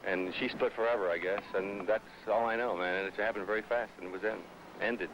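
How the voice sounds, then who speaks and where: A man giving a subdued, halting account with many pauses and fillers. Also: lowish voice, fairly even intonation. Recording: loud hiss on old field recording.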